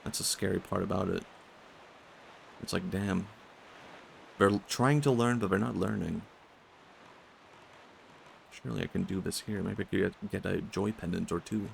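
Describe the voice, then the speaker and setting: A man with a Swedish accent chatting in a low-key, monotone way while streaming a game. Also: normal speed, gravelly, long pauses, slight background noise. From Sweden. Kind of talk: casual gaming commentary.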